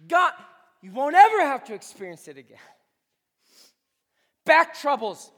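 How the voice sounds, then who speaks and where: A man's voice: very high-pitched, sing-song, measured pace, fairly bright tone, a little hiss or hum. A man preaching a sermon as a pastor, speaking with impassioned emphasis. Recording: long reverb of a large hall.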